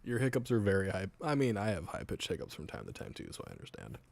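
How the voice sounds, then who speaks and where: A man's voice: sits low, wildly swooping pitch, fast, gravelly, slight background noise. A man streamer chatting casually with his live chat, swearing now and then and laughing often. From United States.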